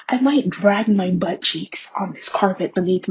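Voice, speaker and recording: A woman doing a dramatic comic monologue in breathy half-whispers. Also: mid-range voice, unhurried, hardly any pauses. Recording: dull lo-fi sound.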